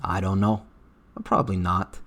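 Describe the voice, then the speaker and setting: A man's voice: low voice, little pitch movement, normal speed, fairly bright tone. A man with an accent reading chat comments on a livestream, talking in a blunt and profane way with lots of fillers. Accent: unidentified accent. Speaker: streamer reading live chat.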